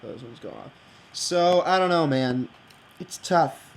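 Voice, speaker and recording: A man thinking out loud while building in a block game, rambling and hesitant, with many fillers and restarts. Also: fairly high pitch, slow pace, a little hiss or hum, poor audio. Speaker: game video creator. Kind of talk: casual think-aloud game commentary.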